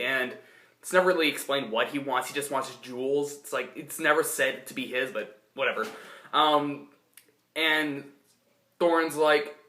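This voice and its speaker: A young man talks through a casual film review, stopping and restarting his sentences often. His voice sits a little high and sounds bright and forward. The room around him is echoey. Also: unhurried. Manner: rambling, full of restarts and fillers.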